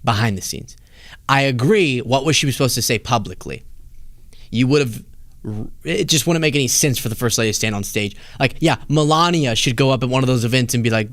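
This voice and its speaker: Hosting a political commentary show, a man reacts to interview clips with sarcastic, mocking asides in a casual way. He talks briskly at a medium pitch with vocal fry and a slightly bright tone. The recording is dry and studio quality.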